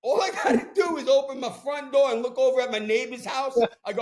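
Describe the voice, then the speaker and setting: A podcast host from Brooklyn with a thick New York accent talks fast into a podcast mic with hardly any pauses. His voice sits high for a man, and he riffs in a loose, streetwise rant, an animated storyteller chatting casually like he is telling stories to friends.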